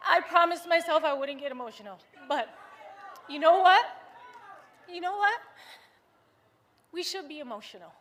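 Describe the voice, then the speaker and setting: American woman firing up a rally, high bright voice, crowd murmuring faintly behind. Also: normal speed, long pauses, slight background noise. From United States. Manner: impassioned, rousing. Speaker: campaign rally speaker. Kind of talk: rally speech. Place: large rally venue.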